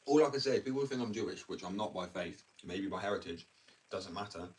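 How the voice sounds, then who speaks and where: A man's voice: sits low, animated, fast, darkish tone. A young man from England ranting bluntly and ramblingly in a casual livestream, full of slang. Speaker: live streamer. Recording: distant mic with faint background noise.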